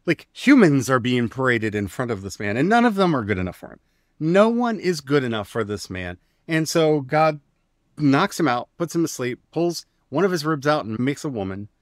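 A man's voice: medium pitch, sing-song, moderate pace, no echo, studio quality. A man co-hosting a casual discussion podcast, retelling old stories in a wry, glib, storytelling way. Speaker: podcast co-host.

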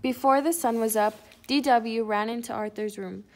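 A woman reads a children's picture book aloud in a fairly high voice. Her storytelling is clear and expressive. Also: normal speed. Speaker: storybook reader.

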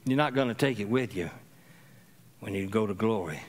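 Preaching at a normal speed, a middle-aged pastor from Louisiana is animated as he works the congregation in a church sanctuary, calling for their response. He moves back and forth between loud exhortation and soft, low murmurs.

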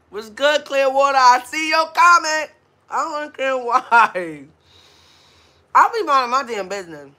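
A woman's voice: a little high, bright, forceful tone. Blunt, profane woman ranting on a livestream. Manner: blunt, profane, laughs often. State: hungover. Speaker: mukbang livestream host. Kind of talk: casual livestream rant.

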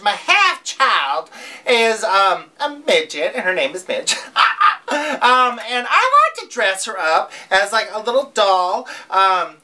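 A woman's voice: a little high, sharp tone, full character voice. A woman playing a brash, giggly, crude small-town news host in a comedy sketch.

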